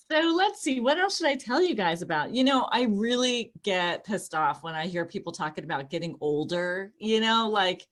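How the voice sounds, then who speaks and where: A middle-aged woman from Los Angeles does a chatty, animated stand-up comedy set. She often jumps into high, squealing voices when quoting people.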